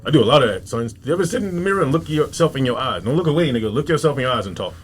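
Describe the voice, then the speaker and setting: A man's voice: mid-range voice, animated, very fast, husky. A man from Newark, a comedian guest, talking bluntly in streetwise slang on a casual podcast, acting out what people say. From Newark, New Jersey.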